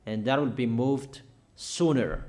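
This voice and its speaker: Slow, emphatic male preacher. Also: medium pitch, darkish tone. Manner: slow, emphatic proclamations in short phrases. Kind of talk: sermon.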